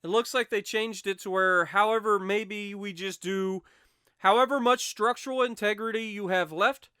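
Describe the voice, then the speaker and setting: A man's voice: high-pitched, moderate pace, bright, forceful tone, clear, resonant tone, no room sound, studio quality. A man hosting a gaming channel, reading out challenge rules steadily with wry asides and self-corrections into a desk microphone.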